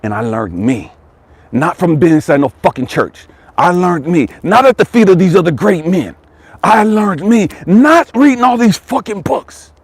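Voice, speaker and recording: A man giving an impassioned motivational monologue as a life coach, profane and emphatic, repeating his phrases and dropping from loud to hushed. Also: sits high, expressive, normal speed, breathy edge, no room sound.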